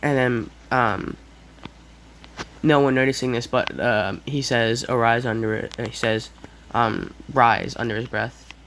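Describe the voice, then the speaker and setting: A man narrates an improvised fan story, pausing often with fillers and correcting himself. His voice sits at a middle pitch, with a faint background hum. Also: steady tone, a bit bright, rough recording. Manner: hesitant, many fillers and self-corrections.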